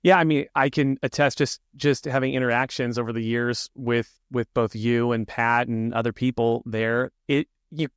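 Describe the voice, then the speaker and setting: A man's voice: mid-range voice, steady tone, moderate pace, hardly any pauses, clean tone, no room sound, studio quality. A man co-hosting a podcast in casual conversation, reacting with enthusiasm and frequent laughter. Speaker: podcast co-host.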